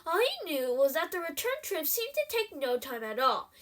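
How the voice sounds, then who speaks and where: A woman reading a novel aloud in an expressive storytelling manner. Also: very high voice, moderate pace. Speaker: reader.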